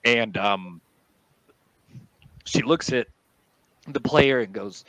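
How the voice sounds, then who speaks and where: A man, a guest on a video call, telling stories from his tabletop games in an animated, laughing way. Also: medium pitch, slow pace, vocal fry, pauses often, no echo, poor audio. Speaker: guest, D&D player. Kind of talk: casual storytelling on a video call.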